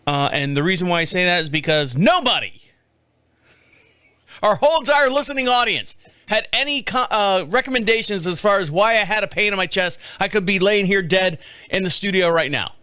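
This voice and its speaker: A middle-aged man hosting a podcast, telling rambling, animated stories and putting on mocking voices in a casual monologue. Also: high-pitched, brisk, smooth, no room sound, studio quality. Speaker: podcast host. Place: home studio.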